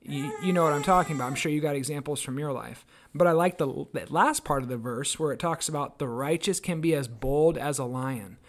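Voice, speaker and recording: Earnest man telling stories, higher voice. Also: a little fast, hardly any pauses. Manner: earnest storytelling, acts out quoted voices. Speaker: podcast co-host. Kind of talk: casual devotional chat.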